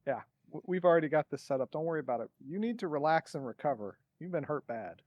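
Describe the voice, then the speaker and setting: A man with a fairly high voice, playing his turn in a tabletop game. He talks in a chatty way and reasons things out. The sound is dry and close to the mic. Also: animated, quick pace, no echo, lo-fi sound. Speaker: player. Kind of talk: casual tabletop role-play.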